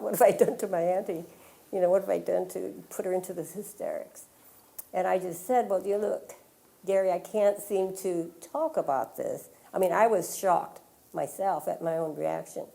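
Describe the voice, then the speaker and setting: Older woman with a low, gravelly voice. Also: warm tone. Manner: conversational, quotes others in dialogue, many fillers. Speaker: author. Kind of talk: storytelling at a public talk. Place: public library, in front of an audience.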